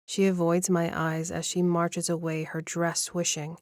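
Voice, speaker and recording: A woman narrating a first-person romance audiobook in an even, measured storytelling manner, close to the mic. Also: lowish voice, vocal fry, no echo.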